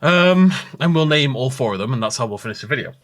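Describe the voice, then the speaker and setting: A man's voice: medium pitch, animated, fast, fairly bright tone. A man hosting a Minecraft let's-play, rambling and thinking aloud as he chats casually with his viewers. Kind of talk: casual gameplay commentary.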